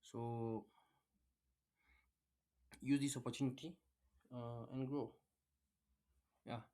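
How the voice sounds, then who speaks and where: A man talks straight at his audience in a loose, unscripted rant, hammering the same points over and over. His delivery is blunt and profane, with plenty of filler words. The pitch sits in an ordinary middle range for a man. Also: little pitch movement, takes it slowly, mellow. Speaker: trading content creator. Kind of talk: casual motivational rant.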